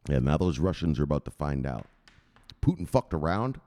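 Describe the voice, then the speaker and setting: A man hosting a crypto news livestream, chatting with viewers in a loud, profane, excitable way. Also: very deep voice, a little fast. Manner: profane, excitable, shouting "bang!" often.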